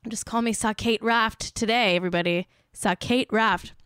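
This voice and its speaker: A woman's voice: fairly high pitch, steady tone, moderate pace, a bit bright, smooth, dry recording, clean studio sound. A young woman hosting a podcast, chatting casually in a giggly, rambling, playful way. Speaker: podcast host. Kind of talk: casual chat.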